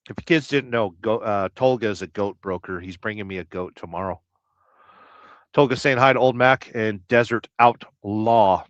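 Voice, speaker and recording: A man hosting a livestream, chatting casually and reading viewer comments with rambling, deadpan jokes. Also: medium pitch, moderate pace, no echo. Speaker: livestream host. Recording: dull lo-fi dry sound.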